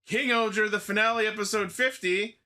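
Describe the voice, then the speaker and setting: Bright-voiced man hosting a podcast. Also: high-pitched, fairly even intonation, a little fast. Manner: runs the segments, announces topics. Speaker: podcast host. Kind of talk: casual podcast chat.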